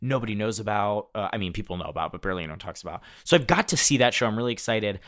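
Animated man hosting a chat. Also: fairly low pitch, very fast. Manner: animated, reads lists, laughs often. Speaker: host. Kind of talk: casual chat about award nominees.

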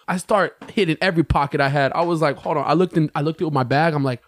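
A young American man, a podcast co-host, telling a story in casual chat, animated and profane, jumping into a raised voice when he quotes himself. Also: a little high, quick pace, few pauses, dry recording.

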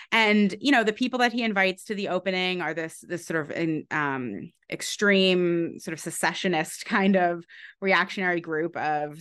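A woman author being interviewed, explaining her book in a relaxed, conversational way with frequent ums and restarts. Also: fairly low pitch, smooth.

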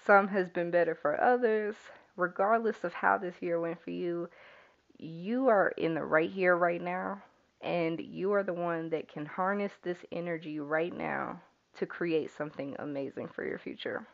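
A woman hosting a spiritual podcast, speaking softly and soothingly as she guides listeners to breathe. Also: lowish voice, fairly even intonation, normal speed, gravelly, dull audio. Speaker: podcast host. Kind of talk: spiritual podcast talk, calm and reflective.

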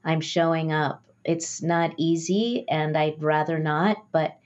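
A middle-aged woman answers thoughtfully in a measured way. Her voice is unusually low, and the recording sounds dull and muffled. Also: fairly even intonation. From United States. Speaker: guest author. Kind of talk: reflective interview talk.

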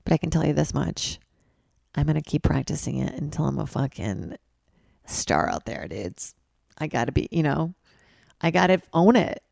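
A young woman hosting a solo podcast from a hotel room, talking loosely and rambling, mocking herself and jumping into loud, high bits. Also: expressive, moderate pace, gravelly, dry recording, studio quality. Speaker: podcast host. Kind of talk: casual solo podcast chat. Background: ice machine outside.

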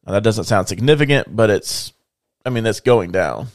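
A man co-hosting a podcast, calmly sharing news and figures in a casual, steady way. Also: lowish voice, normal speed, no room sound, studio quality. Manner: informative, steady, with fillers. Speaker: podcast co-host.

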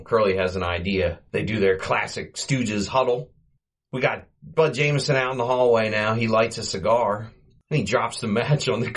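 A man hosting a podcast, casually retelling an old comedy short, chuckling often and giving quoted lines a quick comic voice. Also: lowish voice. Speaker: podcast host.

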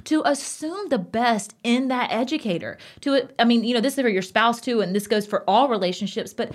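A woman, co-hosting a casual podcast chat and talking in an emphatic, passionate, animated way. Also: on the high side, fairly quick. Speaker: podcast co-host.

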